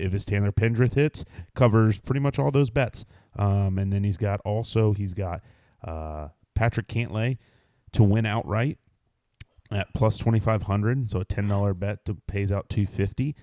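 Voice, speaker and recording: Low, mellow-voiced man rattling off odds. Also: no echo, clean studio sound. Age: 30s. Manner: rattles off bets and odds quickly. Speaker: podcast co-host. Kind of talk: casual sports betting chat.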